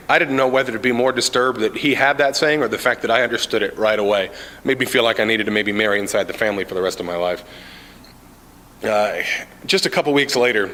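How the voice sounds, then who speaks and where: Bright-voiced man doing stand-up. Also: fairly low pitch. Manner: casual, many "uh" fillers, deadpan asides. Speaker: amateur stand-up comic, Army sergeant. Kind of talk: stand-up comedy storytelling. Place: common area of a building, indoors. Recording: reverberant indoor room.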